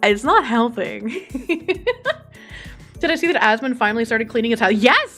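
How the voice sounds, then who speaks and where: A woman's voice: on the high side, measured pace, fairly bright tone. A woman streamer chatting casually and reading out viewer messages, swearing freely and laughing often. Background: faint background music.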